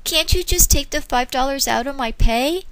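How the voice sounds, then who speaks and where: A woman's voice: sits high, moderate pace, voice pushed up. A woman voicing a frightened young female cashier who pleads anxiously. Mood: pleading.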